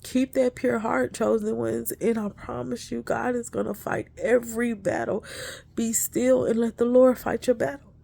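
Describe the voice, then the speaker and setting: A woman's voice: fairly high pitch, fairly even intonation, normal speed, creaky, warm tone, slightly rough. A woman giving an emotional, earnest spiritual encouragement talk to her listeners. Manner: earnest, preachy, addresses listeners as y'all. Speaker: inspirational speaker.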